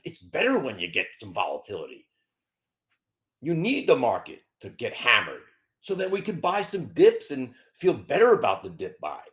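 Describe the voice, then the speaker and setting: A man's voice: mid-range voice, a bit bright. A middle-aged man hosting a stock trading show, giving casual, joking market commentary with mock-emotional outbursts and stumbling repeats.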